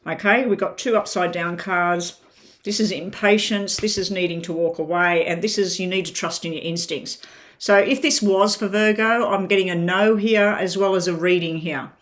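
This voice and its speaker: A woman's voice: lowish voice, fairly even intonation, moderate pace. Chatty woman on a tarot livestream. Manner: rambling, chatty, talks while eating. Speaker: tarot reader. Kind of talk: casual livestream chat to viewers.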